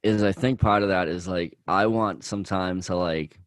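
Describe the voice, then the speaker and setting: Low-voiced hesitant man on a podcast. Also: moderate pace, dry recording. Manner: hesitant, many fillers, soft-spoken. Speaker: podcast co-host. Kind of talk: casual podcast chat.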